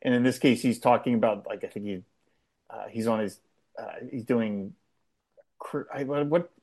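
A man in casual conversation, rambling and animated as he recaps a television episode, with frequent restarts. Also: mid-range voice, moderate pace. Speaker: podcast co-host. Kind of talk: casual chat.

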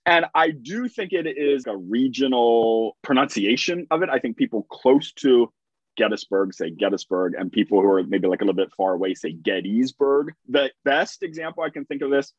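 A man's voice: medium pitch, expressive, a little fast, few pauses, husky, no echo. Jokey male podcaster, dull dry audio. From Pennsylvania. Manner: jokey, enthusiastic, laughing easily. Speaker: podcast co-host. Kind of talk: casual podcast chat reading listener mail.

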